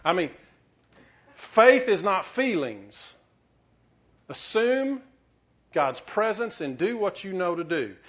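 Man pastor, slightly high voice, chatty sermon with restarts and teasing asides, muffled lo-fi recording. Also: big pitch swings, takes it slowly, long pauses, fairly bright tone. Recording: dull lo-fi recording.

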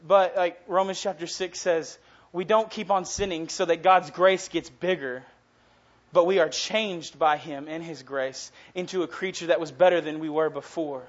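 A man's voice: on the high side, fairly even intonation, normal speed, dull audio. A young man in his twenties preaching a casual, earnest sermon that swells into passionate emphasis. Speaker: youth preacher.

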